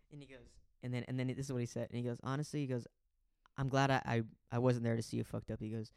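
A man's voice: medium pitch, little pitch movement, quick pace, gravelly, darkish tone, clean tone, no room sound. A man co-hosting a podcast in casual chat, telling a rambling story and acting out the voices of the people in it. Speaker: podcast co-host.

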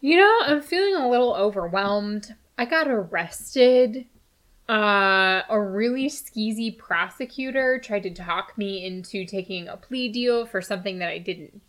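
A woman's voice: mid-range voice, takes it slowly, a bit bright. A woman as a player in a tabletop game, talking in a candid, wry way. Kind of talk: tabletop role-play.

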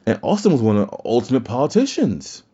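A man with a medium-pitched, sing-song voice, mellow with a breathy edge, talks quickly as he hosts a podcast. He rants casually and bluntly about wrestling and swears freely, and the lo-fi recording sounds dull.

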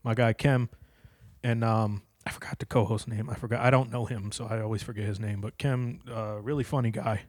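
A man's voice: fairly low pitch, fairly even intonation, fairly quick, dry recording, clean studio sound. A young man hosting his own podcast alone, talking in a blunt, profane and rambling way into a stand-up comedy mic. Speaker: podcast host. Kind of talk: casual solo podcast monologue. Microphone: handheld stand-up comedy mic on a stand.

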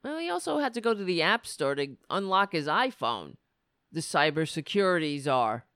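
A woman's voice: sits low, very animated, moderate pace, fairly bright tone, smooth, no echo, studio quality. A woman hosting political commentary, reading news excerpts and mocking them with sarcastic asides. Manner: reads news excerpts, then riffs on them.

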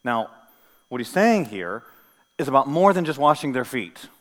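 Male pastor, mid-pitched, animated sermon delivery with quiet and booming passages, long church reverb. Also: moderate pace. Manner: animated preaching, swinging from soft to loud; conversational, with asides and light humor. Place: church sanctuary.

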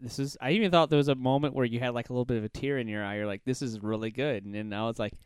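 A man's voice: mid-range voice, racing, clear, resonant tone, no echo, clean studio sound. A man hosting a casual podcast, chatty and rambling, laughing often as he tells stories. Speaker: podcast host.

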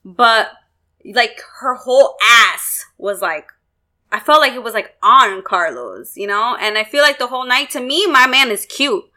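A young woman telling a story in casual chat, animated and swearing freely. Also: a little high, a little slow. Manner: swearing, animated retelling with acted quotes.

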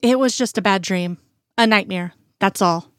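A woman's voice: mid-range voice, normal speed, dry recording, clean studio sound, close to an everyday voice. A woman voicing a middle-aged man overcome with guilt, his voice shaking and breaking. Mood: shaken. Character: shaken middle-aged male boss, guilt-ridden.

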